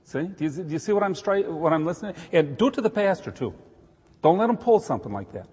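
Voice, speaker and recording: A man teaching scripture in a loose, chatty way, breaking into jokey asides and hitting key words with rising emphasis. His voice sits a little high and sounds slightly husky. A long reverb trails behind him, as in a large hall. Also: animated, quick pace, warm tone. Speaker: Bible teacher. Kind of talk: informal Bible teaching.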